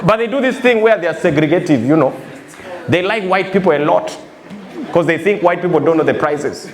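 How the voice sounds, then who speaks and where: Ugandan man, high voice, live stand-up storytelling, echoey hall, loud audience noise. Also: animated, brisk, crowd noise. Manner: storytelling with quoted voices, repeated "I said". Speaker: stand-up comedian. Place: live comedy venue with a laughing audience.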